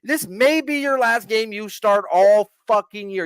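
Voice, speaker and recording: Male guest, high voice, profane slangy betting talk, dry mic. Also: measured pace, clear, resonant tone, dry recording. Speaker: podcast guest. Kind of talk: casual betting chat.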